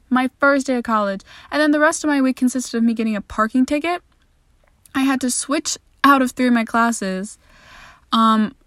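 A woman's voice: a little high, no room sound. Candid young woman, dry close voice. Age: young adult. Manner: candid, self-deprecating, sweary, animated quoting. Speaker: podcast host. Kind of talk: casual storytelling monologue.

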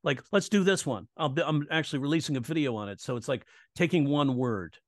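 Animated man teaching comedy writing. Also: a little high, fast, dry recording, studio quality. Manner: animated, acts out audience reactions and quoted lines; teaching tone, checks in with "right?". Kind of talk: casual explanatory talk in an interview.

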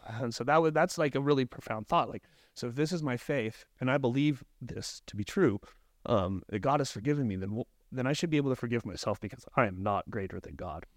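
A man talks earnestly and reflectively as a podcast guest, often restarting his sentences. His voice sits at an ordinary middle pitch, and the studio sound is dry and close. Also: brisk, no echo. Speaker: podcast guest, life coach. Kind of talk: casual podcast conversation.

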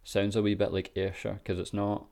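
Deep-voiced laid-back Scottish man. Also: completely flat delivery, brisk, creaky, darkish tone. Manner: laid-back, sweary, lots of ums and chuckles. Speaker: vlogger. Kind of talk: casual reaction commentary.

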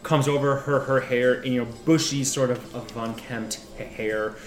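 A man's voice: mid-range voice, moderate pace. Rambling male game master, roomy echo. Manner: rambling, animated, frequent restarts. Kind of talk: narrating a tabletop game. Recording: roomy echo with music behind.

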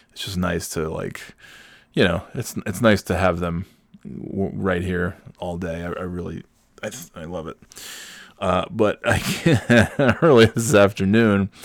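Deep-voiced guy rambling on his podcast, cracking himself up, dry close mic. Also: dry recording. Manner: rambling, self-deprecating, laughing at his own jokes; breaks into loud mock announcer bits. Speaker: podcast host. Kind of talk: casual solo podcast monologue.

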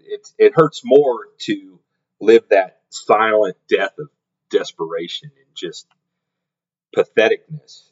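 A man's voice: on the low side, breathy edge. A middle-aged man telling a story in a casual podcast monologue, rambling with lots of restarts and repeated words. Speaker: podcast host. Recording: slightly dull lo-fi audio.

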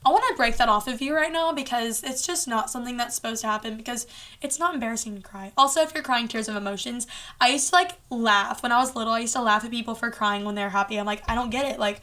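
Earnest woman podcast host, casual faith talk, higher bright voice, chatty fillers. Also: fast talker.

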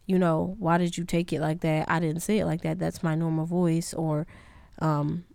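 A woman's voice: low voice, level tone, normal speed, creaky, darkish tone, no echo. A young woman hosting a podcast, talking through her own flaws in a candid, rambling, self-critical monologue. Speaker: podcast host. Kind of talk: casual reflective monologue.

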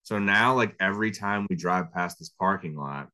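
A man in his thirties with a very low voice shares stories in a loose, rambling way, full of fillers. His tone is bright and forceful despite the depth. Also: moderate pace. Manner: relaxed, rambling, frequent fillers. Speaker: podcast co-host. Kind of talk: casual chat.

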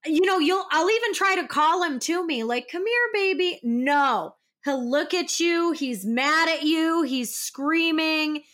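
Bright high-voiced woman telling stories. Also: measured pace, hardly any pauses. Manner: animated storytelling, acting out scenes. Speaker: podcast co-host. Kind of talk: casual chat.

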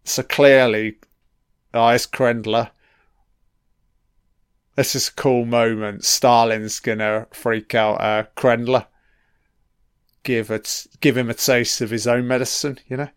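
A man doing a casual, profane film commentary, heckling the characters on screen, his throat a little croaky from illness. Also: medium pitch, little pitch movement, slow, pauses often, no echo, clean studio sound. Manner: profane, talks back at the screen.

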